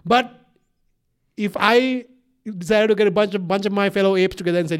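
A man co-hosting a podcast in casual chat, rambling and animated, swearing and laughing often, with a mixed accent that has a slight Eastern European tinge. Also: sits high, a little fast, a little hiss or hum. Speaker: podcast co-host.

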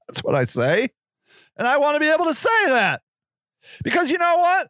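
A high-pitched man rants through a casual podcast monologue, swearing freely and dripping with sarcasm. The sound is dry and close, with no room echo. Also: very animated, unhurried, pauses often, fairly bright tone. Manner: profane, ranting, sarcastic. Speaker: podcast host.

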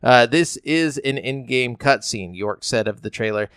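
Dude hosting a gaming podcast, smooth clear voice, dry close mic, kinda rambly reading news. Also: male voice, medium pitch, a little slow, a bit bright, no echo. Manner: reads news quotes aloud, loose and rambling. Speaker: podcast host. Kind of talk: casual gaming news chat.

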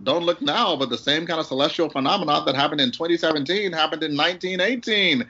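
A man's voice: a little high, fast, bright, forceful tone, husky, pitched above the performer's own voice, heavily acted. Man putting on an old-time radio announcer, grand and theatrical, slightly raised voice, muffled lo-fi sound. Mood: dramatic.

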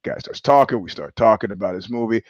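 A podcast host delivers a long, rambling story full of digressions and profanity, chuckling mid-sentence as he goes. His voice is lowish and quick, and the audio is dull with no room sound.

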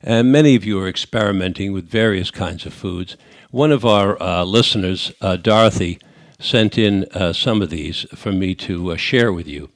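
A man's voice: deep voice, normal speed, no echo, studio quality. An older man from New York with a New York accent, hosting a radio call-in show and talking in a conversational way with many fillers and restarts. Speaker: radio talk show host. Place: radio studio.

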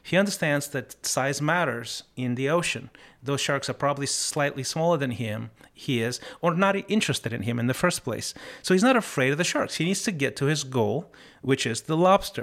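A man runs a motivational podcast where he earnestly reflects on lessons from life. He often restarts a phrase while casually telling stories, and he eases his pace to stress the main points. The voice is mid-range, its tone fairly bright.

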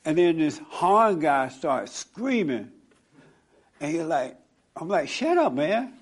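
Male preacher, fairly high voice, animated storyteller, counseling a congregation. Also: takes it slowly, breathy edge. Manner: animated, storytelling, laughing at own stories. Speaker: pastor. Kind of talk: sermon with audience counseling.

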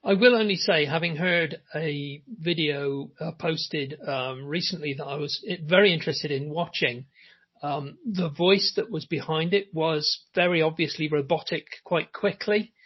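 A man's voice: a little high, measured pace, husky, lo-fi sound. A man hosting a casual interview podcast, chatty and full of fillers. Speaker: podcast host.

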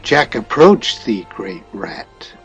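A man reading a storybook tale aloud at an unhurried pace. His pitch rises and falls freely, with soft music playing faintly underneath. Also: vocal fry, breathy edge. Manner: slow, expressive reading. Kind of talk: storybook narration.

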